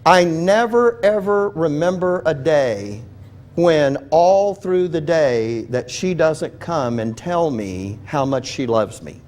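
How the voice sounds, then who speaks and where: A man teaching a Bible study in a relaxed, conversational way, telling humorous stories, restarting his sentences and putting questions to his listeners. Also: a little high, slow. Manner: chatty, restarts sentences, asks the audience questions; humorous storytelling.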